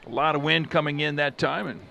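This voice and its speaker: Gravelly-voiced male football commentator. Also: a little high, fairly quick, very noisy. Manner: chatty, reflective asides between plays. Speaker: play-by-play commentator. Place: stadium commentary booth with air conditioner.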